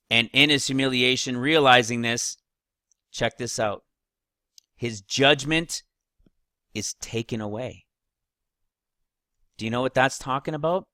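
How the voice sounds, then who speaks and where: A man's voice: mid-range voice, pushed and bright, no echo, clean studio sound. A man casually teaching Bible verses, rambling, losing his place and asking rhetorical questions.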